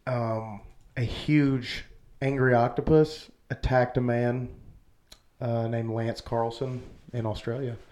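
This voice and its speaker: A man's voice: mid-range voice, level tone, takes it slowly, darkish tone. A man co-hosting a podcast, sharing odd news stories in a laid-back, wisecracking way. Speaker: podcast co-host. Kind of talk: casual podcast chat.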